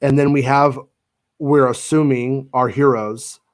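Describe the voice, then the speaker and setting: Animated man talking fast in bursts. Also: mid-range voice. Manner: animated, quick bursts with many restarts. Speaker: podcast co-host. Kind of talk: casual chat.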